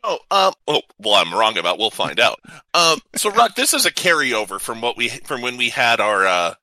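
Upbeat, opinionated male podcast co-host; very bright, sharp tone, dry close recording. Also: mid-range voice, very animated, moderate pace, dry recording, poor audio. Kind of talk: casual podcast chat.

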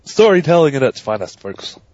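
A man co-hosting a podcast, telling stories in an animated, profane way. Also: mid-range voice, fairly quick, no room sound. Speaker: podcast co-host. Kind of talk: casual podcast chat. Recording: dry, dull lo-fi mic.

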